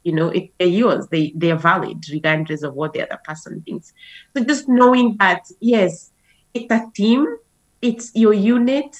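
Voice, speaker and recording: A woman with a husky, slightly breathy voice, chatting easily as a talk show guest. She leans on "you know" as she goes, in a mid-range pitch and relaxed conversational flow. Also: moderate pace, rough recording. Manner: conversational, uses many "you know" fillers.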